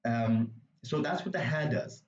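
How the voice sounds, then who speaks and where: A man's voice: mid-range voice, measured pace, reverberant, far from the mic, highs cut off, a little hiss or hum. A man teaching a language, explaining a reading passage step by step in a patient way with many asides. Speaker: Arabic dialect teacher.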